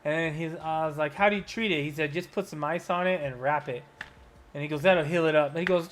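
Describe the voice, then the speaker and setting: Animated, swearing male podcast host. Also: on the high side, brisk, slight background noise. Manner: animated storyteller, swears a lot. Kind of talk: casual chat.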